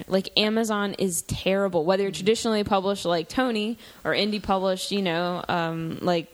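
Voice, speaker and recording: A woman who runs a small press, chatting casually and telling lively stories in which she acts out her own thoughts. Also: mid-range voice. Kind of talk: casual chat.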